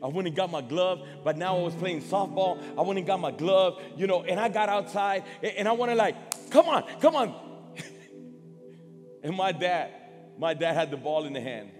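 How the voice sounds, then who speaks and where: High-voiced man preaching in a hall. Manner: emotional, halting, repeats words, swings loud and soft. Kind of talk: sermon with personal story. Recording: long hall reverb, faint music.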